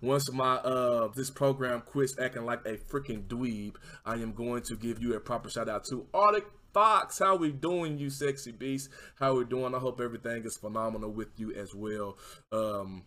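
Male stream host, mid pitch, easygoing motivational chat, warm shout-outs to viewers. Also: moderate pace. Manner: encouraging, keeps asking "you know what I mean"; warmly shouts out viewers by name. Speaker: livestream talk show host.

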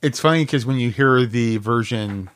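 A man co-hosting a podcast, chatting casually about music, laid-back and quick to laugh, with lots of filler words. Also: mid-range voice, fairly bright tone. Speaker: podcast co-host.

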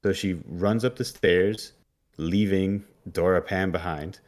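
A man's voice: deep voice, fairly even intonation, slow pace. A man co-hosting a podcast, loosely retelling a story's plot with fillers and asides. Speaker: podcast co-host. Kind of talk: casual episode recap.

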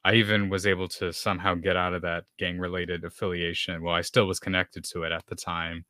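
A man from Texas tells his own story as a podcast guest, slipping in plenty of fillers as he goes. His voice sits low yet comes across bright and forceful. The sound is close and dry, with no room echo. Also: level tone, fairly quick. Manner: storytelling with many fillers, acts out dialogue. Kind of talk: personal testimony in conversation.

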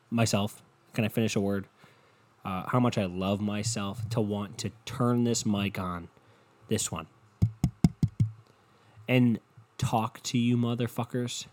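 Profane rambling man with a low voice. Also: darkish tone. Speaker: podcast host. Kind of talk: casual solo podcast rant. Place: at home.

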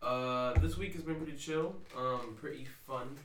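A young man chatting casually as a podcast co-host, relaxed, laughing often and swearing loosely. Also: mid-range voice, moderate pace, noisy background. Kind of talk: casual chat. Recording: echoey room, mic at a distance, others chatting.

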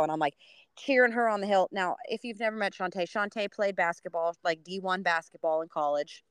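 A woman co-hosting a podcast, telling a story in casual chat, swearing freely and acting out quotes in a high voice. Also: fast, clean tone, no room sound. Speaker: podcast co-host.

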